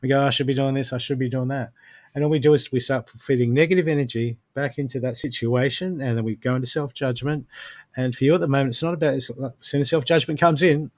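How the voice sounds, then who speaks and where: A man doing a live oracle card reading, coaching the listener directly and punctuating his advice with frequent "okay"s. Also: mid-range voice. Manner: coaching, repeats "okay" often; addresses the listener directly with pep-talk advice. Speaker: intuitive card reader.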